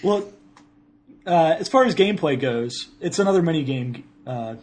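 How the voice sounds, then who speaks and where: A man's voice: fairly high pitch, expressive, normal speed, darkish tone, a little hiss or hum. A man co-hosting a casual podcast, rambling through game reviews and correcting himself as he goes. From Ohio. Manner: rambling, self-correcting, laughs often. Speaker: podcast co-host.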